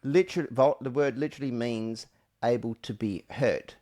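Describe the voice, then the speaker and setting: A man's voice: mid-range voice, moderate pace. A man hosting a podcast in casual chat, joking and restarting his sentences as he talks. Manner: animated, jokey, with self-interrupting restarts. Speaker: podcast host.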